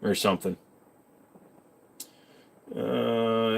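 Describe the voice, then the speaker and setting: A man's voice: mid-range voice, expressive, slow pace, creaky, long pauses. A man hosting a casual livestream, reading out chat questions and answering them with loose, self-mocking jokes and detailed know-how. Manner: knowledgeable about handguns, explains in detail.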